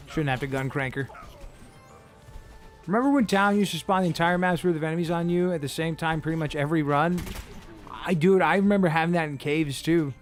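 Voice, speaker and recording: A man commentating casually while he plays a shooter game. He rambles, jokes and swears freely. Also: fairly high pitch. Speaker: streamer.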